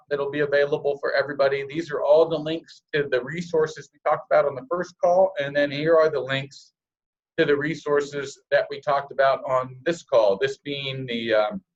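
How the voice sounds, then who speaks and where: A man's voice: medium pitch, muffled recording. A man giving a sales training presentation over a call, coaching listeners and acting out example scripts in different tones.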